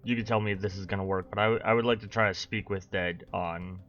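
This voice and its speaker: A man with a low but bright voice plays a tabletop game. He talks haltingly and uses many fillers as he reads through the rules. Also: steady tone, highs cut off, soft background music. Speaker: player. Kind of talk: casual tabletop game play.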